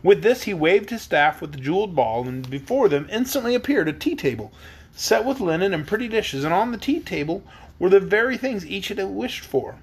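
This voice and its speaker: A man reads a children's storybook aloud at bedtime with a lively, expressive voice. His pitch is high and moves a lot. The tone is husky. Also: fairly quick. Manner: expressive, voicing the characters. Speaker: reader.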